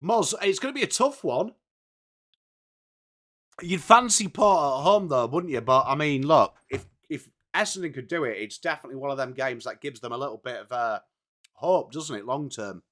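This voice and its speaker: A young English man hosting a live football watchalong, chatting with viewers by name and reading team lists, his voice slightly hoarse. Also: medium pitch, animated, moderate pace, fairly bright tone. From England. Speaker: watchalong host. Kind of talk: casual live stream chat.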